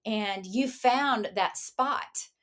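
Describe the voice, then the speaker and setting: A woman's voice: a little high, very slow, a bit bright. A woman hosting a coaching podcast, speaking with enthusiasm and affirming the guest by reflecting his story back to him. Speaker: podcast host, strengths coach. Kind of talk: casual interview talk.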